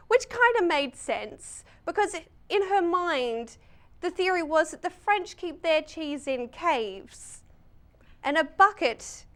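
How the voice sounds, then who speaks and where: An Australian woman in her late twenties, a stand-up comedian with a dry, quick, wry way of talking. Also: sits high, fairly bright tone. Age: late 20s. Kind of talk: stand-up comedy and interview chat.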